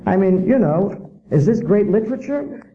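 A man lecturing an audience in an indignant tone, piling up rhetorical questions. His voice sits a bit high but sounds dark and gravelly. The recording is dull and lo-fi. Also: lively intonation, normal speed. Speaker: author and public speaker.

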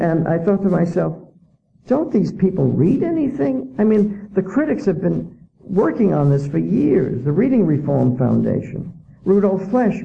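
A man's voice: a little high, creaky, lo-fi sound. A man giving a public lecture as an author, indignant and full of rhetorical questions.

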